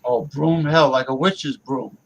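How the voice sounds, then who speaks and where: A man's voice: medium pitch, steady tone, measured pace, poor audio. A man chiming in during a casual chat with joking, teasing remarks.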